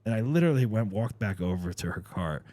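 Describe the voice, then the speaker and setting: A podcast host from New Jersey tells a long, rambling story packed with fillers and swearing in a casual chat. His voice is fairly low, dark-toned, and expressive, he talks fast, and there's no room sound.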